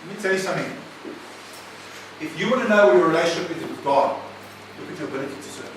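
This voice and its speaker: A man's voice: a little high, fast, a little hiss or hum. A man preaching a sermon, emphatic and often questioning his listeners. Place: recovery centre meeting room. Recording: echoey room, mic at a distance.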